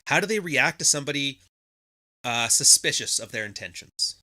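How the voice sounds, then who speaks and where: A man's voice: mid-range voice, expressive, normal speed, pushed and bright. A man hosting a podcast, talking casually in a profane, sarcastic monologue, often mimicking people mockingly. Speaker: podcast host.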